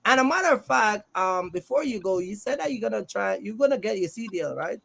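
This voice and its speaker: A man with a high voice hosts a casual livestream for people in trucking. He rambles in a friendly way, teases the guests and reads comments from the chat aloud. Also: lively intonation, a little fast, gravelly, bright, forceful tone. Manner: loose and joking, reads the chat aloud, lots of "man" and "you know". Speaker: host of a trucking business livestream. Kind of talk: casual live-stream chat.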